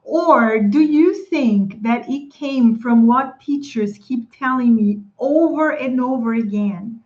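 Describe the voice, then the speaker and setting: A woman's voice: on the high side, slow pace, a little mellow, lo-fi sound. A woman hosting a live stream for English teachers, upbeat and greeting viewers by name. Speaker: livestream host coaching English teachers.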